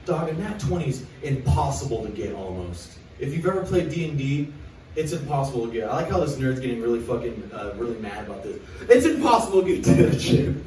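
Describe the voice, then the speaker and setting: A man's voice: medium pitch, warm tone, slight background noise. A young man doing a rambling, crude stand-up set at an open mic, reading jokes off a list on a small club stage. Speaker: stand-up comedian. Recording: echoey club recorded from far off.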